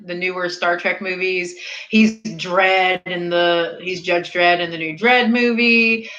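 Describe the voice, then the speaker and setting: A woman's voice: fairly low pitch, takes it slowly, lo-fi sound. Tipsy, rambling woman chatting with viewers. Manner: rambling, tangent-prone, animated. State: slightly tipsy. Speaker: streamer hosting a snack review. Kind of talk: casual chat with viewers.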